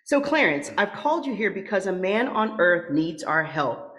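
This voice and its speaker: A woman voicing a calm, patient senior angel who also narrates a radio play. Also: medium pitch, normal speed. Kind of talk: old-time radio play.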